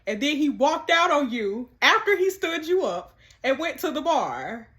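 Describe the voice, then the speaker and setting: A woman giving sassy, animated commentary while playing through a texting story game. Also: high-pitched, unhurried. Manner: animated, sassy, laughs often. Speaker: content creator.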